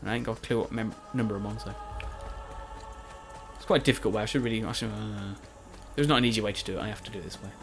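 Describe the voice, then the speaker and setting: A man's voice: fairly low pitch, steady tone, racing, vocal fry, soft background music. Rambling man commenting on a game. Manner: chatty, rambling, self-mocking. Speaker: Let's Play commentator.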